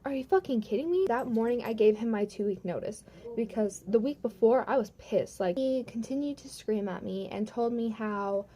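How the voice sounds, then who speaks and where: A woman's voice: fairly high pitch, normal speed, dark tone. A young woman vlogging a storytime from home, retelling events heatedly with lots of swearing and "like". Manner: profane, heated retelling full of "like". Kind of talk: storytime vlog.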